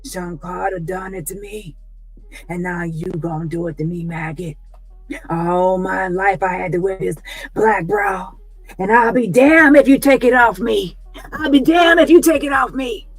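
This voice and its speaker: A woman's voice: mid-range voice, unhurried, no room sound, soft background music, pitched below the performer's own voice, poor audio. A woman mocking a fake-sobbing crybaby woman. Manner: fake crying, whiny. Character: sobbing crybaby woman, self-pitying and bossy.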